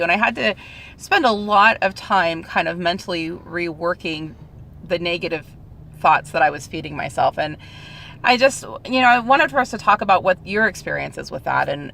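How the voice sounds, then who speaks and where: Gravelly-voiced woman podcast host. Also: on the low side, fairly bright tone. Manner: candid, self-deprecating storytelling. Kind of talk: casual podcast chat.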